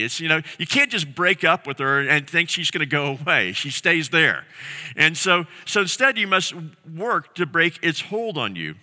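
A male pastor preaching with a very bright, forward tone and a lively, rising and falling pitch. He speaks earnestly and repeats key phrases for emphasis. His voice carries the long reverb of a church hall. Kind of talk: sermon.

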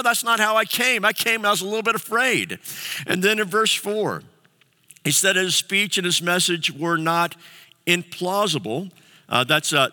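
A male pastor preaching a sermon in a conversational, halting way, with many fillers and restarts. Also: high voice, sharp tone. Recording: long hall reverb.

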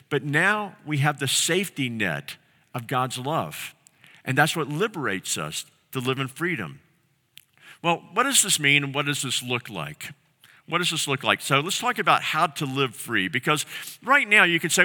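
Man, pastor, sermon, earnest, repeats phrases, lively pitch, fairly high voice, reverberant hall. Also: moderate pace. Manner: earnest preaching, repeats key phrases for emphasis.

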